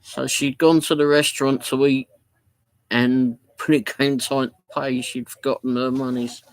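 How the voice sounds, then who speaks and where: A man's voice: medium pitch, little pitch movement, normal speed, no echo, poor audio. Chatty man, dry close sound. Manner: rambling, chatty, reads viewer comments aloud. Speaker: livestream host. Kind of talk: casual live chat. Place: home office.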